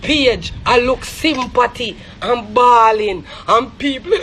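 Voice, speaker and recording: A woman's voice: a little high, a bit bright, a little hiss or hum. A Jamaican woman giving heated, scornful gossip commentary on a live stream. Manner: scornful, rapid, repetitive.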